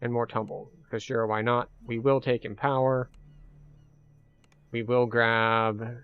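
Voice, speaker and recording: A man's voice: mid-range voice, level tone, slow, clear, resonant tone, narrow, tinny audio. A man giving chatty, casual commentary over his own gameplay. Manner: chatty, self-deprecating play-by-play. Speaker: gaming streamer.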